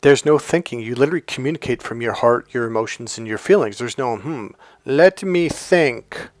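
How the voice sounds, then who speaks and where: A man coaching other men on dating, blunt and profane, acting out quick quotes from his clients. The recording is dry and close, with faint music underneath. His voice sits at an ordinary middle pitch. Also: dry recording. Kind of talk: casual coaching monologue.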